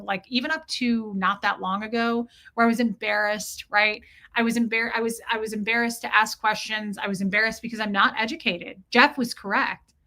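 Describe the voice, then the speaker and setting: A middle-aged woman chatting candidly on her live stream, answering viewer comments and swearing freely as she talks about her ex. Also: medium pitch. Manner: candid and animated, swears, mocks a condescending ex in quoted voices.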